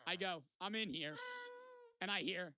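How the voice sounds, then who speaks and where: A man's voice: high voice, a little slow, noisy background. A young man streamer telling a rambling, profane story to his chat in a casual way. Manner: rambling, profane, animated retelling.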